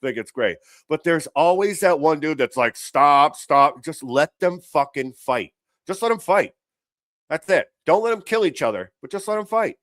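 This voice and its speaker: A man's voice: on the high side, expressive, normal speed, dry recording, clean studio sound. Blunt, foul-mouthed male commentary host. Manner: blunt, swearing, fired up. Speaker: show host reacting to clips. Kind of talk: profane commentary rant.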